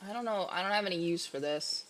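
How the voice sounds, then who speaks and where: A woman voicing a huge male Goliath bouncer, trying for a deep, laconic voice. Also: fast talker, slight background noise, natural voice. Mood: offhand.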